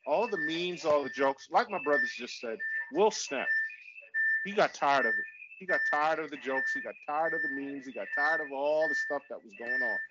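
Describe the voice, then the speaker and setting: Man, casual chat, punchy and affirming, dull lo-fi sound, loud noise. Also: on the high side, animated, normal speed. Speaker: podcast co-host.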